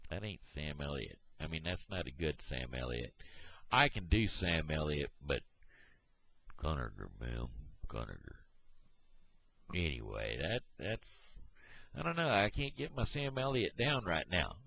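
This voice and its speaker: A man from Missouri vlogging in a meandering, halting, folksy monologue. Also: extremely low pitch, big pitch swings, creaky, fairly bright tone. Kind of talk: rambling casual monologue. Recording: dull lo-fi home recording.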